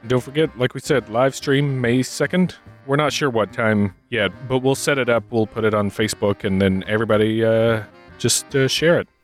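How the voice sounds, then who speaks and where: A man's voice: mid-range voice, moderate pace, faint music behind. Easygoing man co-hosting a podcast. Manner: easygoing, restarts words while thinking. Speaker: podcast co-host. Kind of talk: casual chat.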